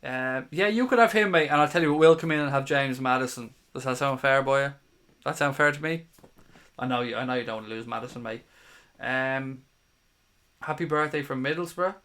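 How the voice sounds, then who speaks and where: Speaking a little fast in a medium-pitched, slightly bright voice, this thirty-something man hosts a fan channel live stream. He chats through viewer comments like he's among mates, with the odd swear word thrown in.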